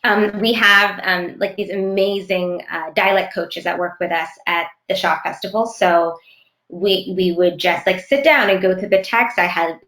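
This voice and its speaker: A woman actress talking thoughtfully in an interview, often pausing to search for words. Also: lowish voice, a bit bright, reverberant. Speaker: actress guest. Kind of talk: casual interview chat.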